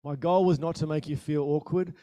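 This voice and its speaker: A man preaching a sermon in a conversational style, asking the listeners questions and telling stories with sudden bursts of loudness. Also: on the high side, fairly quick, no echo, studio quality. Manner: animated storytelling with sudden rises in volume. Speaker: pastor.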